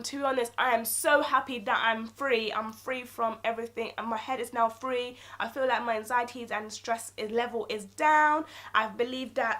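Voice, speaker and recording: A young woman vlogger telling a story in a casual, animated rant, constantly saying "okay" and "like". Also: a little high. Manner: animated, ranting, peppered with "okay" and "like".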